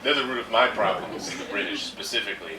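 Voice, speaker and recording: A man's voice: fairly low pitch, fast. A man performing improv comedy, delivering a rambling rant. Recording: echoey room from far off, faint noise.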